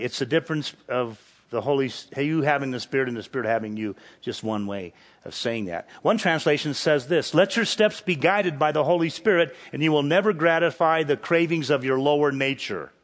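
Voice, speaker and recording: A man's voice: fairly high pitch, normal speed. A man preaching a sermon, with rhetorical questions and emphatic peaks that climb on key phrases. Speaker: pastor.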